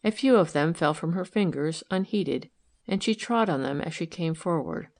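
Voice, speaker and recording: A woman narrating a novel as an audiobook in a measured, even way. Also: low-pitched. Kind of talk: scripted narration.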